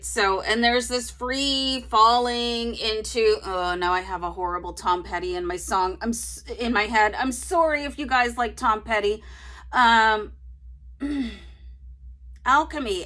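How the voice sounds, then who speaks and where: A woman's voice: mid-range voice, bright, forceful tone. A woman giving a casual tarot reading to her viewers, chatty and rambling, breaking into laughter often. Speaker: tarot reader.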